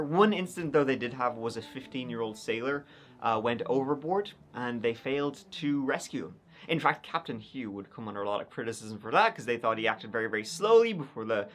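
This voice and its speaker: A man's voice: mid-range voice, a bit bright. Wry, chatty man narrating history. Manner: wry, conversational, sardonic asides. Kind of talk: casual storytelling narration.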